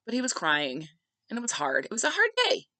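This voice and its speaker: A woman's voice: fairly high pitch, wildly swooping pitch, brisk, pushed and bright, dry recording, rough recording. A woman hosting a podcast and telling a personal family story in a heartfelt, conversational way, dropping in many filler words. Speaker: podcast host.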